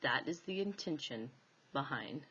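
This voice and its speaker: Animated, low-pitched chatty woman teacher. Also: unhurried, breathy edge, lo-fi sound. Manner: chatty and animated, laughing often, many fillers. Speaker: hypnosis instructor. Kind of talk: casual teaching talk to camera.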